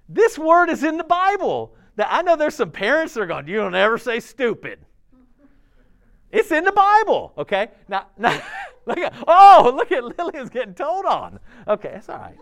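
A middle-aged man gives a sermon to a youth group, talking in a loose, conversational way. His fairly high voice swings widely in pitch as he acts out quoted voices. He keeps checking in with the listeners by asking "okay?" and "all right?". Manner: animated, chatty preaching with frequent "okay?" and "all right?". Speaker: youth pastor.

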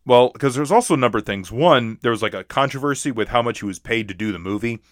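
A man's voice: medium pitch, animated, fast, dry recording, clean studio sound. A man co-hosting a casual movie talk, rambling with many restarts and fillers. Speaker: podcast co-host.

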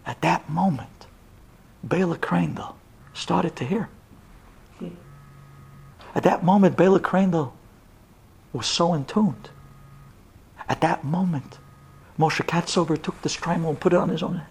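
A man, a rabbi, telling a story with dramatic delivery, acting out the characters' voices and swinging from loud, high outbursts to hushed whispers. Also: a little slow, vocal fry, pauses often, breathy edge.

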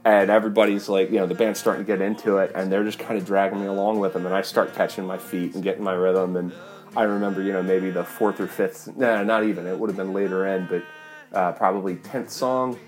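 A man's voice: low-pitched, steady tone, fast. A man, a touring fiddle player, animatedly retelling a story with lots of fillers. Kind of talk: casual storytelling.

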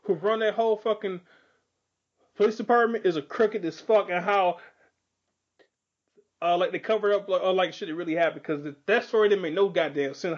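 Man, high voice, rambling profane chat, muffled sound. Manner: rambling, profane, many fillers. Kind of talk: casual chat.

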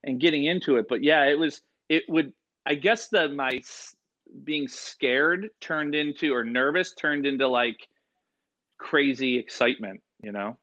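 A man telling stories as an interview guest, excitable and rambling, full of "like" and "you know". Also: mid-range voice, measured pace, muffled recording. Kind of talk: casual storytelling.

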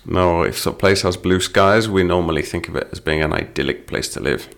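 Middle-aged male teacher, very low creaky voice, patient explainer of lyrics. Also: brisk, a bit bright. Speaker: English teacher. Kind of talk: explaining song lyrics to learners.

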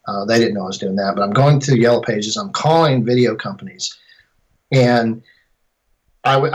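A middle-aged filmmaker chats as an interview guest at a middle pitch. He rambles, restarts his sentences and leans on fillers as he goes. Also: rough recording. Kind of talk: casual interview storytelling.

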